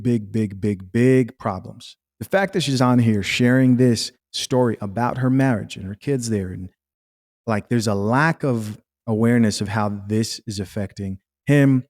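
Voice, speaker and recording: A man comments on a clip in a casual, blunt way. His voice sits low, and he passes judgment freely, repeating key words over and over for emphasis. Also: darkish tone.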